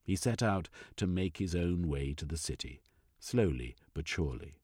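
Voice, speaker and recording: Brief: deep, husky male storyteller, lively delivery, dry close sound, faint music behind. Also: normal speed, no room sound. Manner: expressive, varied. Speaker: narrator. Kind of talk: audiobook narration.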